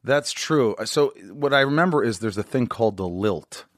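A man's voice: mid-range voice, normal speed, dry recording, studio quality. A middle-aged American man hosting a podcast, chatting casually and joking at his own expense. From United States. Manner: joking, self-deprecating, animated. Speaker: podcast host. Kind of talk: casual interview chat.

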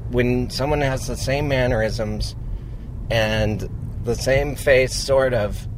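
A man's voice: mid-range voice, slow, noisy background. A man co-hosting a podcast, chatting in a dry, rambling, jokey way from a moving car. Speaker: podcast co-host. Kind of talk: casual chat.

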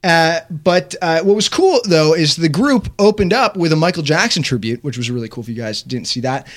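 Animated male radio host. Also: a little high, brisk. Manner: animated, playful, joking. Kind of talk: casual morning radio chat.

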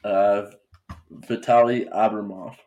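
A man's voice: lowish voice, steady tone, slow pace, a little mellow, muffled recording. A man on a casual sports podcast, laid-back and terse, naming picks.

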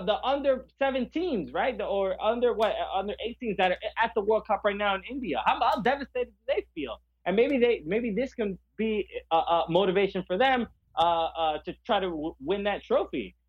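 A man co-hosting a podcast in casual chat, passionate and halting, often searching for his words. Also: sits high, husky, dull audio. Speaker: podcast co-host.

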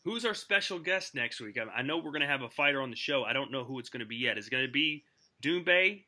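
A man's voice: medium pitch, animated, fast talker, pushed and bright. A man hosting a podcast in casual, jokey banter with his co-host.

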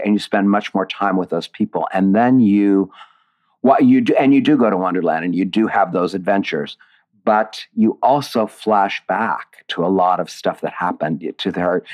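A man's voice: sits low, moderate pace, darkish tone. A man being interviewed about his writing, talking in a reflective, digressive way with many restarts. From Indiana, USA. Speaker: playwright and author being interviewed. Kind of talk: casual interview conversation.

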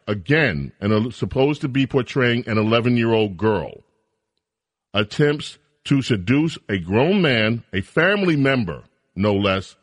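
A man's voice: medium pitch, no echo, studio quality. A man hosting a political talk radio show, talking emphatically and with indignation. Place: radio studio.

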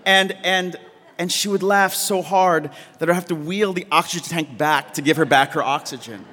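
Halting man telling a story on stage. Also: a little high, sharp tone, big-room sound. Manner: halting, repeats words, laughs while telling.

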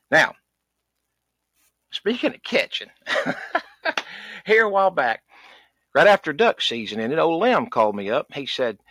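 A man's voice: a little high, big pitch swings, takes it slowly, long pauses, pushed and bright, dry recording, exaggerated voice. A man playing a cranky, folksy middle-aged duck hunter, ranting in a comedy podcast. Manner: folksy, exasperated ranting with sighs and country grammar. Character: loud rural Southern male duck hunter, cranky, folksy. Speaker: recurring comedy character.

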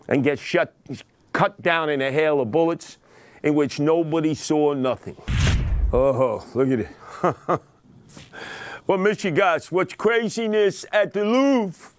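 A man's voice: on the high side, clear, resonant tone, no echo. A man, hosting a podcast and delivering a dramatic, indignant monologue about crime news, acting out the quotes. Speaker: podcast host.

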